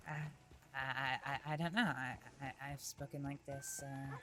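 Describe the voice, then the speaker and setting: A woman voicing a young Faroese woman on the frontier, with a Faroese accent, talking softly and hesitantly with giggles. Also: extremely low pitch, fairly even intonation, moderate pace, background noise. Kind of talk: western role-play.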